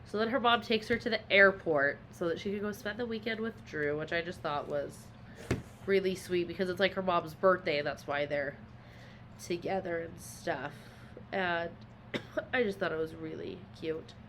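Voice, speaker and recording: A woman's voice: on the low side, normal speed, fairly bright tone, slight background noise. A woman co-hosting a podcast, retelling a book's plot in casual chat with lots of filler words. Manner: rambling retelling with many fillers. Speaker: podcast co-host.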